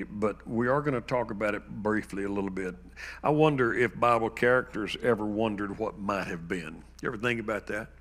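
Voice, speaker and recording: Low-voiced Texan pastor telling a story. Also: male voice. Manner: personal story with reenacted dialogue, rising loud in quoted outbursts. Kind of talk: sermon storytelling.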